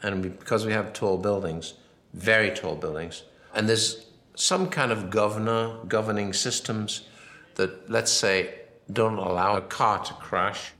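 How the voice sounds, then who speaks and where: A man's voice: fairly low pitch, steady tone, a little slow, bright, forceful tone, roomy sound. A man giving a film commentary, rambling and anecdotal, acting out quoted dialogue as he goes. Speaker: film director.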